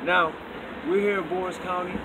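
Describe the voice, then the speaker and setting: A man with a high-set voice rambles through a loose, repetitive street monologue, stoned and swinging between muttering and shouting. Recorded outdoors on a phone, with loud street and wind noise behind him. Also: fairly even intonation, moderate pace. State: high on marijuana. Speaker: street vlogger.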